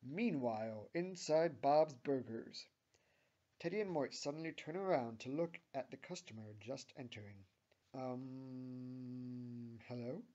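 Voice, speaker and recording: A man giving a deadpan, mock-serious amateur reading of a fan fiction story. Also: medium pitch, normal speed, lo-fi sound.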